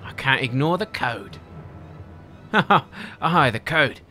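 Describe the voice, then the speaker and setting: A man's voice: mid-range voice, lively intonation, slow, bright, forceful tone, soft background music, pitched above the performer's own voice. A man voicing a stern, cold female rogue enforcer in a video game reading, speaking firmly with a menacing edge.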